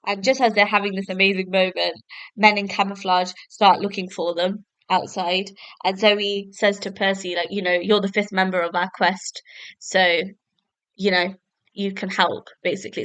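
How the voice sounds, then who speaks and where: A young woman talks through a book review for her podcast, chatty and loose with plenty of fillers. Her voice sits at a middling pitch, and the recording is dry and close with no room sound. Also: a bit bright, no echo, rough recording. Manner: chatty, full of fillers like "basically" and "like". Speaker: podcast host. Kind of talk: casual book review monologue.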